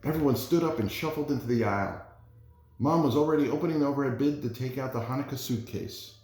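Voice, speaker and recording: A man, a parent, reading a children's storybook aloud in an expressive, animated way. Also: medium pitch, quick pace. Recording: roomy echo.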